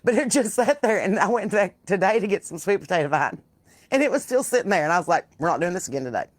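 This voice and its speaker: A fast-talking woman with a medium-pitched voice and no echo hosts a casual live porch chat outdoors. She's a Southern US podcast host whose stories are animated, salty, and full of swearing.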